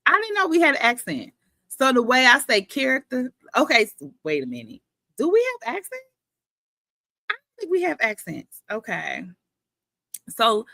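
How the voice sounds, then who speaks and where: Lively, playful New York woman host. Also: on the high side, dry recording. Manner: playful, teasing, slangy. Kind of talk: live book club interview.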